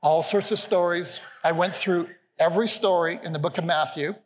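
Animated pastor in a reverberant hall. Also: male voice, moderate pace, slight background noise. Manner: animated, playful, acts out quotes with rising pitch. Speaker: senior pastor. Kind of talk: sermon. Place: large church hall with a live congregation.

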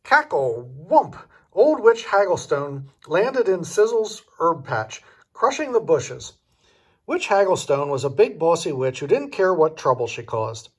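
An older man, a grandfather reading a children's picture book aloud in an expressive way, pointing out the pictures. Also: fairly high pitch, measured pace, slightly rough.

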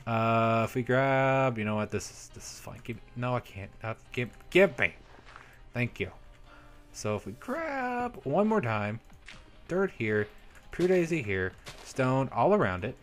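A man's voice: mid-range voice, expressive, moderate pace. Upbeat young man narrating his gameplay. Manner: chatty, upbeat, talks to viewers while playing. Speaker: Minecraft let's play host. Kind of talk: casual gameplay commentary. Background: soft background music.

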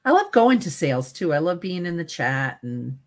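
Low-pitched woman, lively chatty co-host. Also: moderate pace. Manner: warm rambling chatter. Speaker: live sale co-host. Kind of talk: live selling chat.

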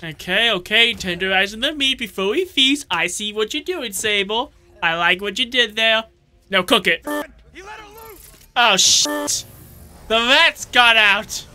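A man riffs through a game session with a sharp, very bright voice and plenty of swearing. He jumps from muttered asides to sudden yells, with game music faintly behind him. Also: high-pitched, lively intonation, unhurried, smooth. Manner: joking, swearing, sudden yelling outbursts. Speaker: gameplay commentator. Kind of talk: comedic let's-play commentary.

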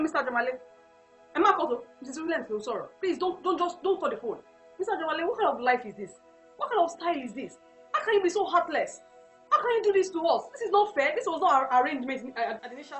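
A woman's voice: high voice, very animated, fast, a bit bright, soft background music. Woman playing a furious Nigerian wife. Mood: pleading angry. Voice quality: emotional, mixes in Yoruba phrases. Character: desperate angry Nigerian immigrant wife. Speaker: Nigerian wife stranded in America. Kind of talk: church film drama acting.

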